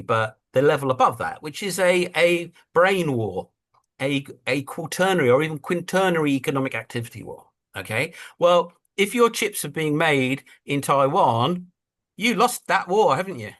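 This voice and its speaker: A man talking as a guest in a casual conversational interview over a video call, telling stories and acting out what other people say. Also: on the high side. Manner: animated storyteller who acts out quotes. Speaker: guest investor and writer.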